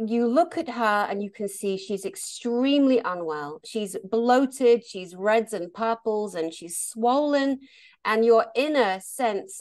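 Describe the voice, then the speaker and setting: A woman therapist telling stories in a casual conversation, animated and laughing often. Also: mid-range voice. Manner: animated, laughs often, acts out quoted voices. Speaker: therapist and meditation teacher.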